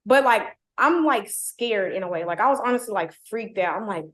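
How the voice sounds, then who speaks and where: A woman's voice: medium pitch, lively intonation, fairly quick. Slangy young woman, echoey room. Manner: heavy "like" fillers, slangy, blunt. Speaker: guest telling her story. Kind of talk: casual storytelling. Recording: roomy echo.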